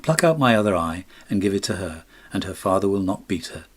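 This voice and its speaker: A man's voice: deep voice, sing-song, a little fast. A man voicing a compassionate prince statue who gives away his jewels, speaking solemnly and with command. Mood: sorrowful.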